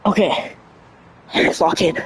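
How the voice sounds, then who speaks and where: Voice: takes it slowly, a little hiss or hum. A young adult streamer chatting casually on a livestream, stumbling over words, laughing often and mocking themself. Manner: laughs often between lines.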